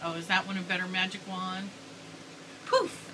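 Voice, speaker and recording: A woman's voice: on the low side, level tone, fast talker. A woman vlogging with her young son, talking to him in a playful, sing-song way. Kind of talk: casual home video chat. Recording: noisy home video recording.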